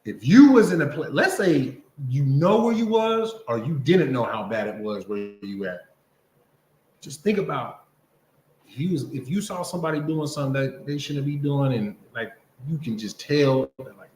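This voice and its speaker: Heard with slight background noise and a roomy echo, a fairly high, slightly mellow male voice delivers a very animated Bible lesson at normal speed. He preaches casually, like a conversation, and often asks his listeners "you understand?"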